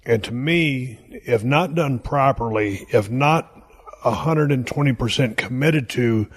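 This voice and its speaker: A man's voice: mid-range voice, unhurried. A man hosting a podcast, chatting enthusiastically before asking his guest a question. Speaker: podcast host. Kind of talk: casual interview chat.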